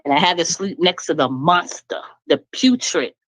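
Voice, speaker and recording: A woman's voice: lowish voice, moderate pace, dry recording, low-quality recording. A middle-aged woman talking bluntly and with energy on a live stream, laughing as she vents. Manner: animated, blunt venting with laughs. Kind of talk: casual chat. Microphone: live stream call.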